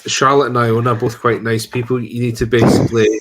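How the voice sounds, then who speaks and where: Guy hosting a party game from home over a call, dry teasing, mid pitch. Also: little pitch movement, fast talker, heavy background noise. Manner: dry teasing, hesitant restarts. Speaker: game host. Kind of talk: casual chat running a party game. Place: at home during lockdown.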